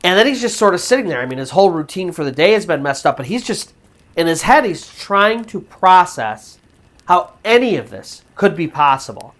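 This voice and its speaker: A man's voice: high-pitched, big pitch swings, normal speed, fairly bright tone. Guy retelling a true ghost story, casual, chatty, keeps restarting. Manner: conversational, many fillers and restarts. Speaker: storyteller host.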